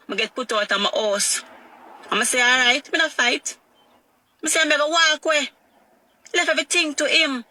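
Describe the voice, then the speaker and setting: This middle-aged woman, Jamaican-accented, delivers raw personal testimony about painful events, repeating phrases as she goes. Her voice is fairly high with a sharp tone.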